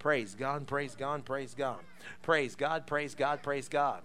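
A male preacher leads an exuberant call-and-response sermon with bursts of praise, breaking into laughter and tongues. He speaks slowly in a mid-range voice over a noisy background.

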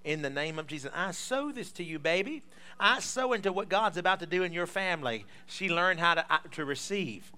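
A man's voice: high-pitched, animated, fairly quick, pushed and bright, smooth. A male preacher, leading a sermon with call-and-response and bursts of praise. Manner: exuberant call-and-response, breaks into laughter and tongues.

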